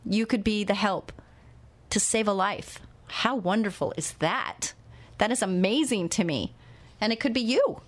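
A woman's voice: mid-range voice, measured pace. A woman hosting a radio talk show, interviewing a guest and making earnest, urgent appeals to listeners.

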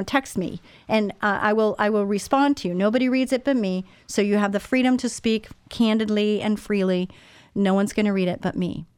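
A woman's voice: fairly high pitch, clear, resonant tone, no echo, clean studio sound. A woman in her sixties hosting a Christian radio talk show, speaking earnestly and personally to her listeners. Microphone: studio microphone.

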